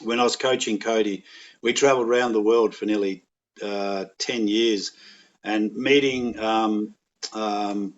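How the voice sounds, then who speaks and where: A middle-aged Australian man telling rambling, animated anecdotes in a casual chat, with voiced quotes. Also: fairly low pitch, a little slow, dull audio. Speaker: podcast guest, actor.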